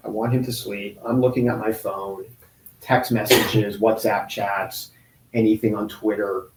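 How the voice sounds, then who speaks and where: Man in his forties recounting, halting speech. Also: fairly low pitch, darkish tone, slight background noise. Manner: halting, with many restarts and pauses. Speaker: guest telling his own story. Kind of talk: emotional personal account in an interview. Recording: roomy echo.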